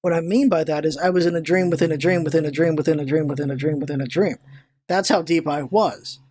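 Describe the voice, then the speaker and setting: A vlogger telling a long personal story in casual, rambling chat, animated, swearing now and then and stumbling over words when excited. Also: medium pitch, fast talker. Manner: animated storyteller, swears, retells own thoughts aloud; restarts and stammers when excited.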